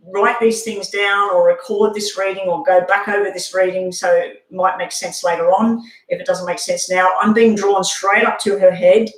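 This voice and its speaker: A tarot reader doing a live reading for a viewer, speaking haltingly with frequent ums. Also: medium pitch. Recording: echoey room.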